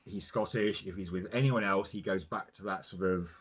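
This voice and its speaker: A man's voice: deep voice, moderate pace. A man, hosting a film review podcast in an emphatic, chatty way. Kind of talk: casual chat.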